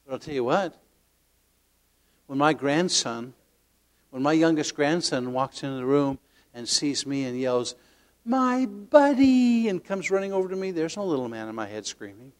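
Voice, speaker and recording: An older man preaching a sermon, telling stories with lively acted-out inner voices and soft tender asides, often repeating words as he searches. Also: mid-range voice, normal speed. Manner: animated storytelling, acts out inner voices, drops to soft tender tones. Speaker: pastor.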